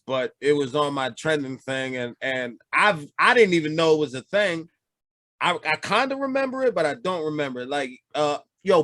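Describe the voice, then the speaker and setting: A man hosting a casual group podcast, talking in slangy, animated banter and steering the group back to the topics. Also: a little high, dry recording. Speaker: podcast host.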